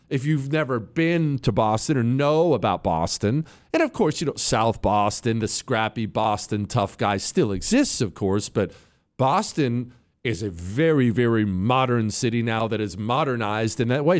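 A man hosting a political talk show, giving a rambling monologue, breaking off mid-sentence and calling out to his crew. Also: mid-range voice. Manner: animated, rambling, self-interrupting; addresses his crew on air.

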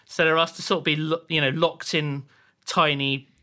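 A man co-hosting a casual podcast chat, animated, joking and sarcastic as he retells things. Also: a little high, normal speed. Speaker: podcast co-host.

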